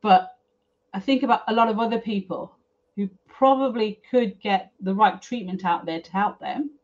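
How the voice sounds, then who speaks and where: A woman's voice: medium pitch, normal speed. A middle-aged woman, a guest on an interview, telling a personal story candidly and with feeling, chatty and full of fillers. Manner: frank, emotional, chatty with fillers. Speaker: guest, property developer. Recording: slightly dull lo-fi audio.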